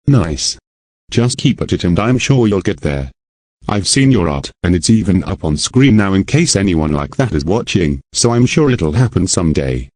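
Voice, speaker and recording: A man's voice: deep voice, sing-song, normal speed, darkish tone, no echo. A synthetic text-to-speech male voice co-hosting a casual podcast chat. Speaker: podcast co-host.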